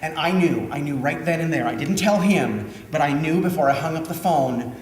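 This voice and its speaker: A man from Minnesota, a theater director, telling a story in a chatty, lively way during a post-show Q&A. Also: fairly high pitch, normal speed, a little hiss or hum. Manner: chatty storytelling, animated when quoting. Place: theater auditorium. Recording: echoey hall, mic at a distance.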